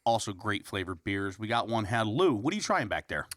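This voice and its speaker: A man's voice: fairly low pitch, sing-song, fairly quick, a bit bright, no room sound, studio quality. A man co-hosting a podcast, casual chat and sponsor reads, joking and laughing often. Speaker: podcast co-host. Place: studio.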